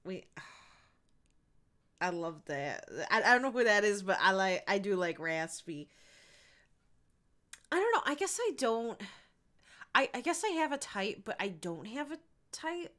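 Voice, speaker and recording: A woman's voice: medium pitch, very animated, unhurried, long pauses, pushed and bright. A woman streaming a video game, chatting casually and giggling as she rambles. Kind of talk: casual live-stream chat while gaming.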